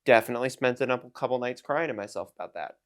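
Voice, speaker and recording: A man's voice: medium pitch, fast talker. Dude in his 20s ranting at the camera, jokey and self-mocking, all over the place. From United States. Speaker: YouTuber and streamer. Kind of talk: casual vlog rant to camera.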